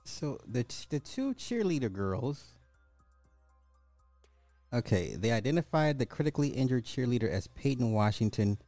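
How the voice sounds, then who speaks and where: A man's voice: mid-range voice, big pitch swings, moderate pace, dark tone, no echo, soft background music. A man hosting a podcast, reading news stories aloud and adding mocking asides in a casual way. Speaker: podcast host. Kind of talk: casual social commentary.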